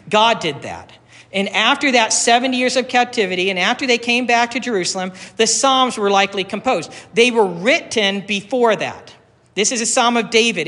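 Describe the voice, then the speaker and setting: Male pastor, high bright voice, emphatic repeated lines, long hall reverb. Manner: slow, emphatic, repeats key phrases. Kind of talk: sermon.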